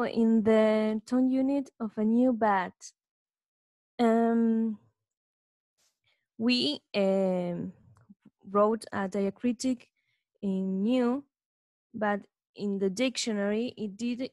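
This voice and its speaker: A student in an online class asking her teacher a question, slow and hesitant, stopping often to find her words. The sound is dry and close. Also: mid-range voice, a little mellow, dry recording. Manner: hesitant, many fillers and restarts. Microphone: video call.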